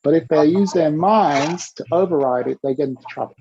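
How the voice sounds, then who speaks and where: A man coaching a listener through an animated story, acting out the quoted dialogue with lively shifts in his voice. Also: on the high side, brisk. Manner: coaching tone, tells the listener to repeat key rules. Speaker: business coach. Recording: dull lo-fi recording.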